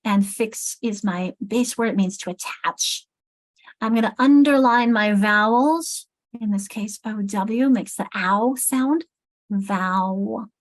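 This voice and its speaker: A woman's voice: medium pitch, takes it slowly. A middle-aged woman leading a teacher training session, thinking aloud and correcting herself as she writes on the board. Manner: thinks aloud while writing, self-correcting. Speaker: literacy trainer.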